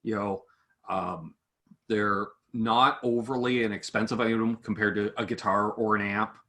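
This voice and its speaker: A man chats casually about making guitar gear videos. His voice is bright and forward. He talks with animation and slips into quick impressions of the people he quotes. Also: lowish voice, steady tone. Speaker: guitar gear demo creator. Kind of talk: casual chat between online creators.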